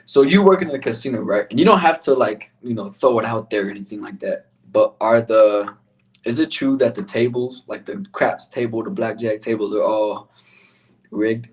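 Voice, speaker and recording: A woman's voice: rumbling low, normal speed, a little mellow. A woman hosting a casual podcast chat, laid-back and teasing, swearing freely. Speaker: podcast host.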